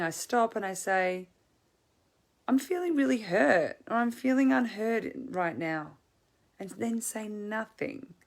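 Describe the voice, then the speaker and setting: A woman relationship coach giving advice to camera in a conversational way, thinking aloud with frequent restarts and fillers. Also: medium pitch. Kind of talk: direct-to-camera advice talk.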